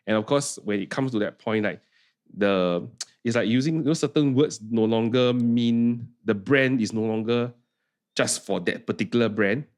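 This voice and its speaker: A man with a Singaporean English accent co-hosting a podcast in casual chat, relaxed and chatty, often repeating his words. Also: mid-range voice, normal speed. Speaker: podcast co-host.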